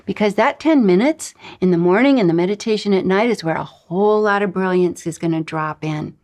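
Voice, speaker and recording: A woman's voice: mid-range voice, brisk, darkish tone. Emphatic woman coaching a spiritual lesson. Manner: emphatic and coaching, with breathy whispered asides. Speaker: spiritual teacher. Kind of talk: recorded lesson.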